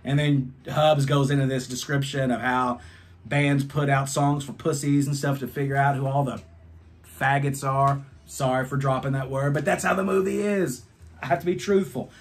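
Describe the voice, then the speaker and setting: Rambling, excitable man telling a story. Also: medium pitch, moderate pace. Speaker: album reviewer. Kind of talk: casual storytelling vlog.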